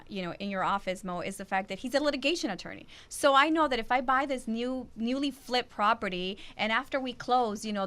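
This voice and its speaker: A woman's voice: on the high side, a bit bright. A woman hosting a casual panel chat, explaining things with enthusiasm. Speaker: host.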